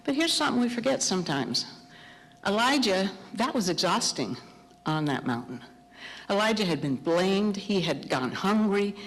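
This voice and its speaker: A middle-aged woman preaching a sermon, telling a story with animated, acted-out dialogue. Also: medium pitch, normal speed. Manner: animated storytelling, acting out dialogue in raised voices. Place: church sanctuary. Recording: long hall reverb.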